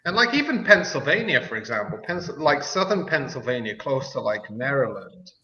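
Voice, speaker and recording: A man's voice: mid-range voice, very animated, moderate pace, sharp tone, lo-fi sound. A man living in the States for ten years, chatting casually on a drinking stream and thinking aloud with many restarts. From outside the US, living in the States ten years.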